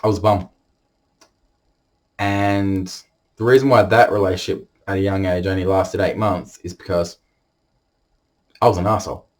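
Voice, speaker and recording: A young man telling a personal story to the camera, halting and emotional, holding back tears. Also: sits low, fairly even intonation. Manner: halting, emotional, many restarts.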